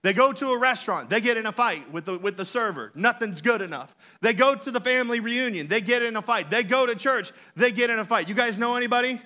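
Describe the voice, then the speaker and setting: A man's voice: extremely high pitch, animated, fast, hardly any pauses, bright, forceful tone. A man preaching a sermon, telling a story in a conversational way and joking with the congregation. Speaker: pastor.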